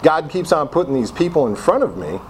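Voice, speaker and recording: Man telling a lively, self-mocking story. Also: a little high, a little fast, slight background noise. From Connecticut. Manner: casual, self-mocking storyteller acting out his own past reactions. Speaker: speaker sharing his recovery story. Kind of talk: personal recovery talk to a group.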